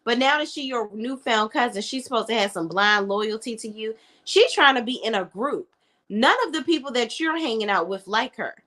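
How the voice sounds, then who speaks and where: A woman's voice: fairly high pitch, animated, moderate pace, sharp tone. A woman reviewing a reality show in a casual, blunt, opinionated chat.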